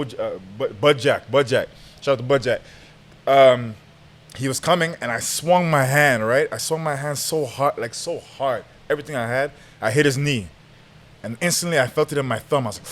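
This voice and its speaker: A young man casually telling a lively football story on a podcast, full of slang, acting out what people said and often laughing. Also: medium pitch. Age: young adult. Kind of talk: animated storytelling, casual chat.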